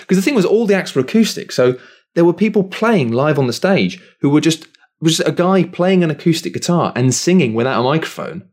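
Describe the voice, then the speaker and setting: A man, co-hosting a casual chat and telling an animated, sweary story. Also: fairly high pitch, brisk.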